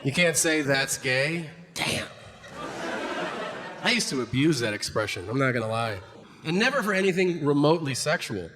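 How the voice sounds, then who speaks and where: A man's voice: fairly high pitch, animated, moderate pace, a crowd in the background. A man doing a stand-up comedy routine on stage, profane and acting out both sides of exchanges in mocking voices. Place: comedy stage before a live audience. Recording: noisy live stage recording.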